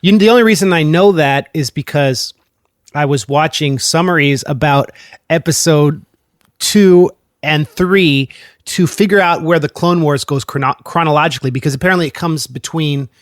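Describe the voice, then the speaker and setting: A man hosts a podcast in an eager, chatty way, hopping from one tangent to another. His voice sits somewhat high for a man and is dry and close, with no room sound. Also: moderate pace, no echo. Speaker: podcast host. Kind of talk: casual chat.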